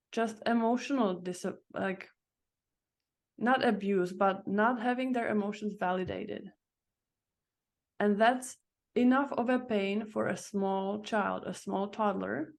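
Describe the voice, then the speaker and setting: Woman in her 30s on a podcast, mid pitch, thinking out loud as she tells her story. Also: gravelly. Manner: reflective, searching storytelling with restarts. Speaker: podcast guest. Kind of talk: casual interview chat.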